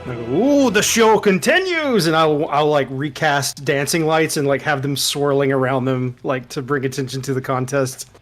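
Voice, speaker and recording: A man's voice: medium pitch, level tone, normal speed, hardly any pauses, faint music behind. A man talking casually as a player at a tabletop game.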